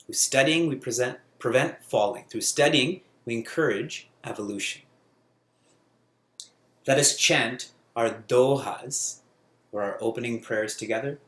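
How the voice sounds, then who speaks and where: A man giving a spiritual talk in a reverberant hall. His pitch sits in the middle, and his delivery is lively and full of laughter as he tells stories to his listeners. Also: unhurried. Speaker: spiritual teacher.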